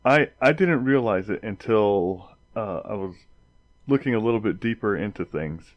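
Low-voiced argumentative man. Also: expressive, moderate pace, no room sound, dull audio. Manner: argumentative, stumbling restarts. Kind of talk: casual chat.

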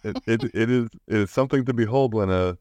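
A man's voice: on the low side, quick pace, darkish tone, no echo. A man chatting casually as a podcast co-host, often stumbling and repeating his words. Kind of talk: casual chat.

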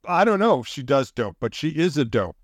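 A man co-hosting a casual comedy podcast, teasing his partner with dry, drawn-out stories. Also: medium pitch, very animated, no echo. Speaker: podcast co-host.

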